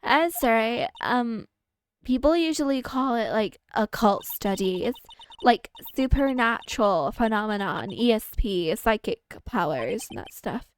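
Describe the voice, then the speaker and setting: A woman's voice: on the high side, lively intonation, a little slow, smooth. A woman voicing a ditzy young American college girl with an airheaded manner, full of "like", reading game dialogue aloud. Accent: American, put on. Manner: airheaded, peppered with "like".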